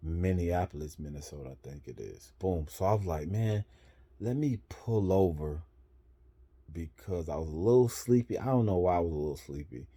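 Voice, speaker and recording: A man who drives trucks telling a story in a casual, rambling way, correcting himself as he goes and marking each turn with "boom.". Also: lively intonation, fast talker, hardly any pauses, warm tone, slightly rough.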